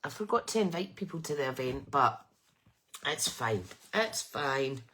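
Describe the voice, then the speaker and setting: A woman's voice: rumbling low, lively intonation, unhurried, fairly bright tone, low-quality recording. A middle-aged woman hosting a chatty craft live stream with a bunged-up nose, rambling and greeting viewers by name. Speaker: craft livestream host.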